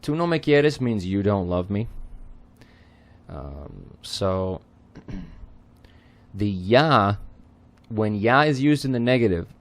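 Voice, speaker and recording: A man with a lowish voice talks slowly through song lyrics, line by line, in a tutoring tone. He hesitates often, with ums and throat clearing, and never hurries. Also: sing-song.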